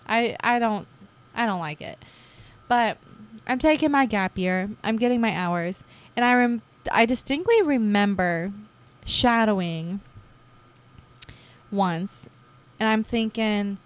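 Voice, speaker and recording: A young woman in her twenties, hosting her own podcast, telling her story in a chatty, casual way and acting out her past self with lively jumps in voice. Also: mid-range voice, takes it slowly, pauses often, clear, resonant tone. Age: 20s. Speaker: podcast host. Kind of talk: casual personal podcast monologue.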